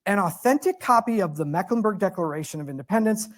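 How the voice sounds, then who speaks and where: Animated man telling a lecture story. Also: high-pitched, fast talker. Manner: animated, self-deprecating humor. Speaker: guest lecturer. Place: museum lecture hall.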